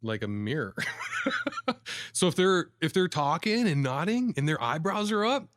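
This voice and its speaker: A man co-hosting a casual podcast chat about sales, telling lively stories and laughing often. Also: a little high, normal speed, dry recording, studio quality. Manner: lively storyteller, laughs often, acts out customers. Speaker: sales coach, podcast co-host.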